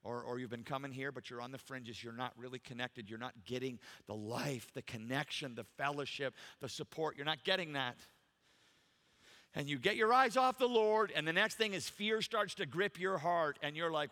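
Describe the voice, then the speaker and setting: A man's voice: mid-range voice, fairly quick, pushed and bright, long reverb tail. A man preaching a sermon in a church, emphatic and full of rhetorical questions to the congregation. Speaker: pastor. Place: church sanctuary.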